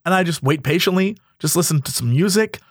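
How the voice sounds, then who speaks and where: A man co-hosting a casual comedy podcast, animated and jokey, sliding into silly voices. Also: a little high, a little fast, dry recording, clean studio sound. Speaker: podcast co-host.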